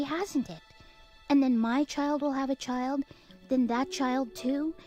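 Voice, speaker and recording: A woman voicing a gentle, polite young woman in a video game, speaking softly and earnestly. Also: sits high.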